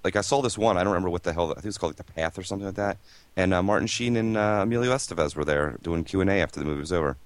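Man, very deep voice, blunt crude joking, dry close sound. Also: rapid-fire, dry recording. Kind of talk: casual chat.

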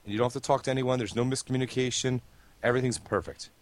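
A man's voice: medium pitch, steady tone, very fast. A man co-hosting a podcast, explaining things with casual enthusiasm. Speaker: podcast co-host. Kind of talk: casual chat.

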